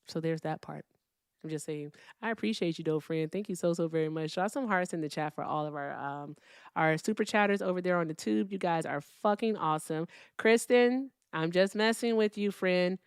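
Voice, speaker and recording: A soft-spoken woman hosting a livestream, chatting casually and swearing freely as she reads out viewer messages. Her voice sits a little low, with a smooth, clear tone. The sound is dry and close. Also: normal speed, no echo. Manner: profane, wry, reads out donor messages; speaks softly, not loudly. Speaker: livestream political debate host.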